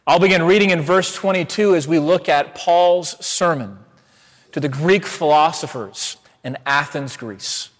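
A man preaching a sermon as pastor, reading scripture in a measured way with emphatic rises, then telling a story. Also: on the high side, long reverb tail. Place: church sanctuary.

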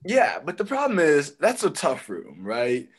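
A man's voice: a little high, wildly swooping pitch, measured pace, breathy edge. A young man co-hosting a casual chat, laid-back and joking, laughing often. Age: young adult. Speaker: podcast co-host and stand-up comic.

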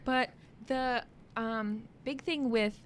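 A woman's voice: a little high, slow pace, slight background noise. A young woman co-hosting a podcast in casual chat, chatty and giggly with lots of filler words. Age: young adult. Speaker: podcast co-host.

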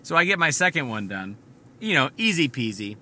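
A man's voice: mid-range voice, sing-song, brisk, pushed and bright, slight background noise. A man hosting a podcast, telling a rambling, profane story from inside his car. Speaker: podcast host. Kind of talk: casual storytelling monologue.

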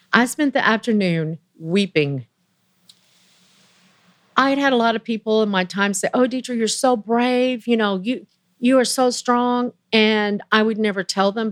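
An older woman speaks as an interview guest, earnest and emotional as she recounts her story. Her voice is dry and close, with no room around it, and her pitch sits in an ordinary middle range. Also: no echo. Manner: earnest, emotional, quotes others in lively voices.

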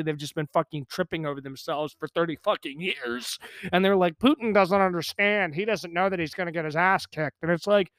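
A man's voice: on the high side, clear, resonant tone, no echo, clean studio sound. A man hosting a solo podcast, swearing constantly and ranting angrily, recorded in a small pump house. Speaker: podcast host. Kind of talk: solo profane rant. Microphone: podcast microphone.

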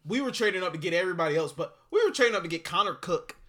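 A man co-hosting a casual sports podcast, laughing often and ranting fast when excited. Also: sits high. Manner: laughs often, fast excited rants, calls listeners bro. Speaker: podcast co-host.

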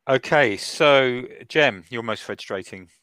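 A man's voice: mid-range voice, slow pace, bright, forceful tone, clear, resonant tone, dry recording. A middle-aged man hosting a casual podcast chat, laughing often. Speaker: podcast host.

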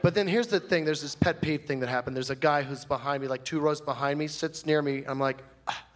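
A man's voice: a little high, a little fast, lightly acted. A man playing a flamboyant, fussy character in a live comedy monologue, rambling in a prissy, gossipy way on a stage mic. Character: flamboyant, fussy, chatty man telling a grievance. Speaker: stand-up comic in character.

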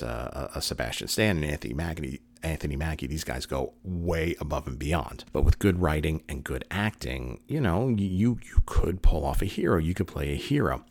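A man with an extremely deep voice reviews a show in a casual, rambling way. He doubles back on words, leans on fillers, and slips into quoted lines of dialogue as he talks. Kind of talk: casual spoken commentary.

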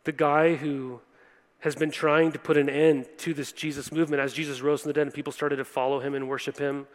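A man's voice: fairly high pitch, level tone, brisk. A young man preaching a sermon earnestly, addressing listeners directly and often checking in with "right?". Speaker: pastor. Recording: long hall reverb.

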